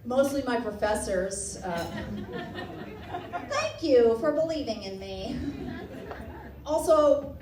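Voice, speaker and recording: A woman from Texas doing a stand-up comedy set, animated and self-mocking, breaking into laughter. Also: fairly high pitch, takes it slowly, long pauses, noisy background. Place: comedy club stage before a laughing audience. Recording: roomy club sound, distant mic, loud crowd.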